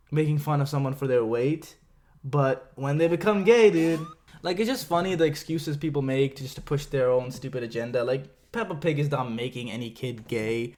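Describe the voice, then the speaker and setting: A man's voice: mid-range voice, a little mellow. A man giving casual, sarcastic reaction commentary on a video, laughing often and swearing freely.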